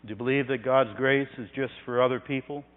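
A man preaching a sermon, building from quiet, hushed phrases to loud, swelling passages. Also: medium pitch, fairly even intonation, brisk. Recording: tinny phone-like sound in a reverberant hall with hum.

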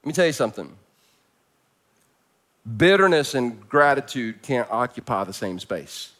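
A man preaching a sermon to his church congregation, conversational and joking, swinging from loud emphasis down to hushed, quiet lines. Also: mid-range voice, sing-song, normal speed. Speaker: pastor.

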